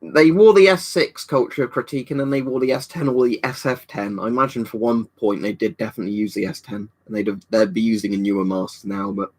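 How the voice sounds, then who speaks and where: A man's voice: on the low side, fairly even intonation, a little fast, few pauses, a little mellow. Easygoing man chatting on a stream. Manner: rambling, easygoing, reads out chat comments and answers them. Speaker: livestream host. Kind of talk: casual livestream chat, answering viewer comments. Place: indoor storage room at home.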